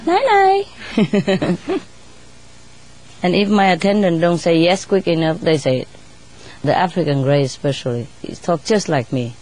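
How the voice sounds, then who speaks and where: A woman chatting casually in non-native English, laughing often and sometimes mimicking birds in a squeaky voice. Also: a little fast, a little mellow. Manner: laughs often between phrases; imitates birds in high squeaky voice. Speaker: bird keeper telling stories. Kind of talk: casual storytelling.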